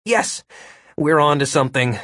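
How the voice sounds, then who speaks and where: A man's voice: fairly high pitch, lively intonation, moderate pace, fairly bright tone, no room sound, studio quality. A man voicing an urgent, restless man. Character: urgent, restless adult man, always on guard.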